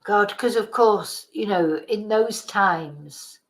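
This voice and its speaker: A woman's voice: medium pitch, slow pace, low-quality recording. Chatty woman rambling casually. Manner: chatty, rambling, exclaiming in disgust. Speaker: channel host. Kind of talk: casual chat reacting to old videos.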